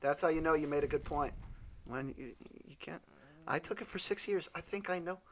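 A young man co-hosting a casual comedy podcast, stubborn and defensive, quick to swear at his friends. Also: a little high, crowd noise. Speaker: podcast co-host.

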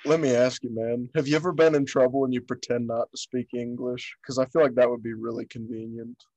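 A man's voice: mid-range voice, level tone, fairly quick, a little mellow, low-quality recording. Laid-back man saying dude a lot. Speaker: podcast guest, comedian. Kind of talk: casual chat.

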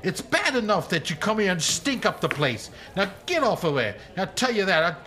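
A man's voice: high voice, big pitch swings, normal speed, bright, forceful tone, pitched above the performer's own voice, heavily acted. A man voicing a stern, bossy tavern woman who scolds a troublemaker. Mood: scolding. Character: stern female innkeeper's helper, bossy.

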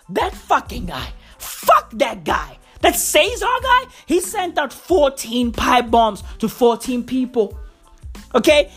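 A woman with a fairly high voice tears into her subject in a profane comedic rant. She swears constantly, repeats herself and leans on street slang. Faint music plays underneath. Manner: heated, swearing, repetitive rants with slang. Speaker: comedic ranter.

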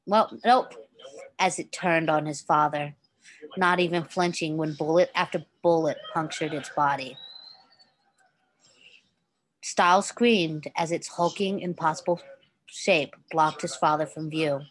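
A woman's voice: low voice, a little slow, a little hiss or hum. A woman reading a story aloud in a casual way, stumbling now and then and correcting herself. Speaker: reader.

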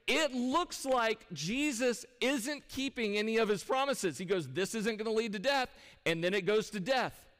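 A male pastor with a notably high voice delivers a sermon in an easy, conversational way, often turning to the congregation with questions. His words ring out with a long reverb from a large church hall. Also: fairly bright tone. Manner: conversational, with rhetorical questions to the audience. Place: church sanctuary.

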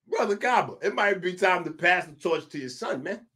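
A man from the Bronx, hosting a podcast and delivering a casual commentary monologue. He is animated and swings between loud and hushed, with frequent asides. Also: high voice, a little fast. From the Bronx, New York. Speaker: podcast host.

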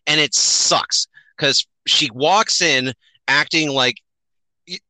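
A man's voice: on the high side, slow pace, bright, forceful tone, dry recording. A man hosting a casual movie review chat, swearing and laughing as he mocks a film's poor acting and sets. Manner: swearing, laughing, exasperated mockery. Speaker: podcast host.

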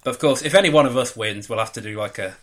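A man's voice: mid-range voice, quick pace, a bit bright. A man hosting a podcast, chatting in a rambling, talkative way and laughing easily. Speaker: podcast host. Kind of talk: casual chat.

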